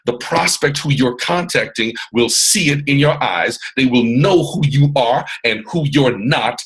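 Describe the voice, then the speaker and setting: A man from Atlanta with a Southern American accent and a resonant baritone, giving an emphatic, preachy motivational training talk on a video call. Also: a bit bright, breathy edge, rough recording. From Atlanta, Georgia, US. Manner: preachy, emphatic, repeats phrases, puts on voices of others. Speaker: mentor hosting a live training call.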